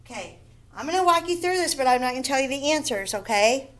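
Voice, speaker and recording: A woman teaching a phonics lesson to first graders, slowly sounding out and repeating words. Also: high voice, animated, fairly bright tone, rough recording. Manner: slow, deliberate, repeats words and sounds them out. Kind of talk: phonics lesson for young children.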